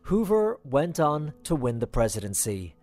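A male host reading scripted narration with an even, clear delivery. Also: on the high side, normal speed, faint music behind.

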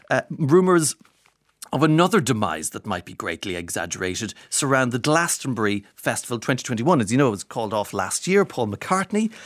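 Lively wry Irish radio presenter. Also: male voice, lowish voice, no echo. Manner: wry, joking asides. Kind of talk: casual radio chat.

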